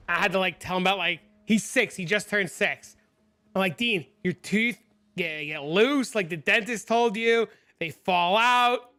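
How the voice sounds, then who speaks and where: Chatty, bright-voiced male streamer. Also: high voice. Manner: chatty, answers chat, animated storytelling. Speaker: game streamer. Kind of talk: casual live-stream chat.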